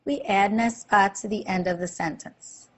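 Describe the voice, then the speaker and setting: Working through slides, a French teacher gives a language lesson in a medium-pitched voice with fairly even intonation. Her explanations are slow and clear, and she puts questions to the listener.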